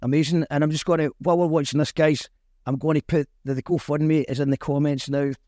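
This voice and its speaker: A man's voice: fairly high pitch, steady tone, fast, warm tone, no room sound, clean studio sound. A Scottish man hosting a casual chat show, interviewing a guest and reading viewer comments aloud. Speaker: podcast host.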